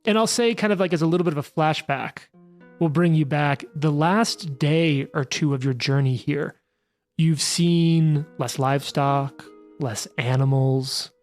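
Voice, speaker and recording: Game master, male, loose rambling narration, quick asides, faint music under. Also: a little high. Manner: rambling, filler-heavy, bursts of fast asides.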